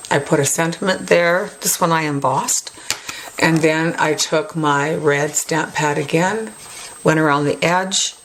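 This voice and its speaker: A woman hosting a craft tutorial, chatting casually as she shows her work and often adds a quick "right?". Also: low voice, slight background noise. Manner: chatty, tacks on "right?" tag questions. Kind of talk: casual show-and-tell tutorial.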